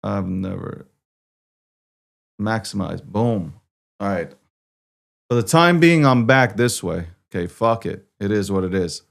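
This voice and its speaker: Gravelly man hosting a livestream. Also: fairly low pitch, animated, a little slow, pauses often. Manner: frustrated, swearing, talking to himself. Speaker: host. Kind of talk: casual livestream news show.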